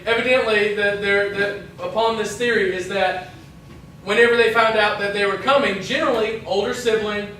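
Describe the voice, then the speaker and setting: Bright-voiced man teaching Bible class. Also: high voice, a little hiss or hum. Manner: chatty, self-interrupting, jokey asides. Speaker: youth pastor. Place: church hall. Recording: echoey hall from far off.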